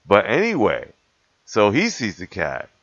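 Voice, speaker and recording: A man with a lowish voice tells a rambling story to the camera, laughing and correcting himself as he goes. The recording is dull and lo-fi, with a dry sound and no room echo. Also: huge pitch swings, a little slow, fairly bright tone. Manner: rambling, self-correcting, laughs between points. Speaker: cat rescuer telling a story.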